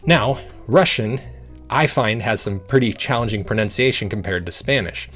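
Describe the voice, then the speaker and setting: A man's voice: fairly low pitch, animated, fairly bright tone, faint music behind. Patient man teaching a study method. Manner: patient, encouraging, repeats sounds slowly. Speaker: language learning teacher.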